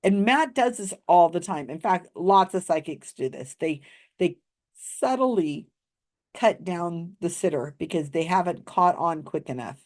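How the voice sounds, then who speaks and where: A woman telling a story in a casual commentary, wry and lively, often acting out the lines of the people she describes. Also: fairly low pitch, measured pace. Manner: animated retelling, acts out quoted lines. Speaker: skeptical commentator on psychics.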